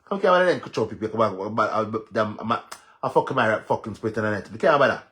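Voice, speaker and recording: Loud mocking Jamaican man, bright voice. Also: fairly low pitch, animated, racing. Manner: loud, mocking, laughing, heavy cursing. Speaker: social media commentator. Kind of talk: livestream rant.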